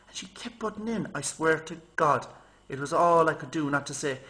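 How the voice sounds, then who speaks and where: A man's voice: a little high, moderate pace. Chatty man rambling to camera. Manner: chatty, animated storytelling, mimics people in raised voice. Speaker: vlogger. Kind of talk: rambling casual monologue.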